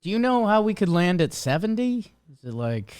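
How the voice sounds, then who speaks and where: A man's voice: high-pitched, very animated, normal speed, a little mellow, smooth, no room sound, studio quality. A man co-hosting a casual sports podcast, teasing and throwing questions at the others. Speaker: podcast co-host.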